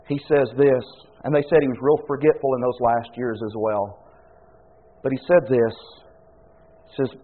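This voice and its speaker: Impassioned preacher on a tinny line. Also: male voice, mid-range voice. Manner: impassioned, shouts pleading prayers then drops to a hush. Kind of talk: sermon. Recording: tinny phone-like sound.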